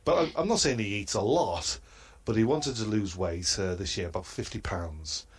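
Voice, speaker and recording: A man doing a comedy roast in a halting, hesitant delivery and chuckling at his own crude jokes. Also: lowish voice, husky. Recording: noisy line.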